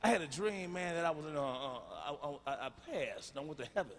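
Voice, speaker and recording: Loud, gravelly stand-up comedian, high and bright. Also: male voice, expressive, fast, a little hiss or hum. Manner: loud, emphatic storytelling, swings to hushed asides. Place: large live venue.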